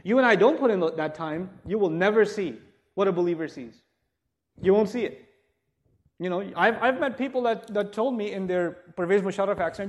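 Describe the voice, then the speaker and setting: A man teaching a religious lecture to a live audience, chatty and joking, asking rhetorical questions and turning forceful when urging respect. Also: sits high, expressive, moderate pace. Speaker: Islamic teacher.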